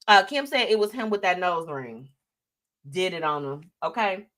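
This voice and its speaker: A woman hosting a live show, chatting casually about celebrity news in an animated, sassy way and reading out viewer comments. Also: on the low side, normal speed.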